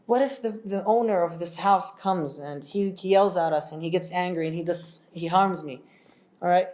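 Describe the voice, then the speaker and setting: A man's voice: sits high, normal speed, darkish tone, close to an everyday voice. Timid, pleading older brother, done by a man telling the story; hesitant and anxious. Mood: nervous pleading.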